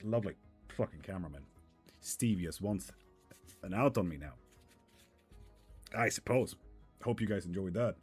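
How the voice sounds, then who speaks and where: A man's voice: low-pitched, expressive, normal speed, pauses often, a little mellow, husky, soft background music. A man reading tarot on a live stream, chatting casually with viewers, calling them honey and swearing freely.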